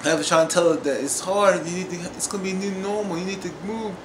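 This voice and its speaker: A man's voice: high-pitched, fast. A man giving a casual review of a TV episode, emphatic and repetitive, often calling out to his viewers. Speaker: TV show reviewer. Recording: echoey room with steady noise.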